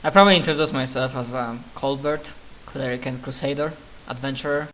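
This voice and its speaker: A man at a tabletop game explaining his character's moves carefully, with slightly non-native phrasing. His bright voice sits at a middle pitch. A faint hiss runs under it. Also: a little fast, rough recording. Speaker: player.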